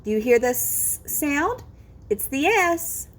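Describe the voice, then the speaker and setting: Female teacher, slightly high voice, deliberate pace, encouraging children's phonics lesson. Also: sing-song. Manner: slow, clear, encouraging modelling of word sounds.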